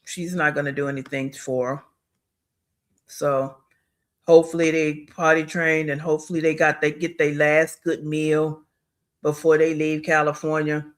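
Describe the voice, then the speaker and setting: A man's voice: a little high, little pitch movement, normal speed. A man hosting a reaction video, giving blunt, scornful commentary on a clip he is watching.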